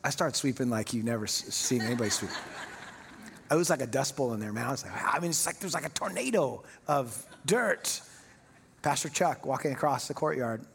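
A man's voice: mid-range voice, expressive, a little fast, gravelly, fairly bright tone, slight background noise. A man preaching a sermon, telling a story about himself with self-mocking humor. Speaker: pastor. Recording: long hall reverb.

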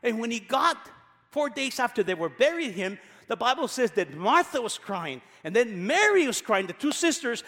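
A man with a high voice preaches a sermon in a church hall with long reverb. He is emphatic, repeats key phrases and drops from loud passages to quiet ones. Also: big pitch swings, normal speed. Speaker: pastor.

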